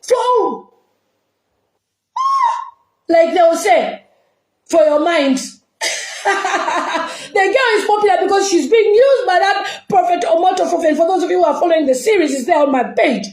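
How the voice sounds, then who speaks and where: A woman's voice: very high-pitched, expressive, a little slow, long pauses, roomy sound, slight background noise, low-quality recording. A woman from Zambia, giving an impassioned, scolding reaction rant full of rhetorical questions. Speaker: online commentator.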